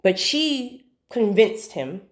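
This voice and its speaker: A woman telling a personal story to her viewers, chatty and animated, with asides and faith talk. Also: medium pitch, takes it slowly. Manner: faith-based talk of God and spirits. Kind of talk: casual storytelling.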